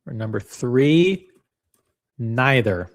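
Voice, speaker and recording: A man hosting a casual livestream, chatty and blunt, reading viewer comments aloud with quick restarts and self-deprecating asides. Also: medium pitch, lively intonation. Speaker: livestream host reacting to watch predictions.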